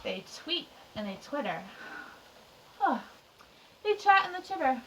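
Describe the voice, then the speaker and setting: A woman teacher reading a picture book aloud to young children, expressive and chatty with little asides. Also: high-pitched, unhurried, pauses often, a little hiss or hum. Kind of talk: children's storytime read-aloud. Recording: distant mic.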